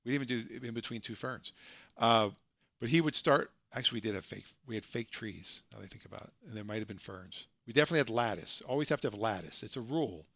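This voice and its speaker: A man's voice: medium pitch, fast, a bit bright, no room sound. Man, live-stream host, rambling, self-correcting, dry close sound, dull lo-fi audio. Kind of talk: casual live-stream chat.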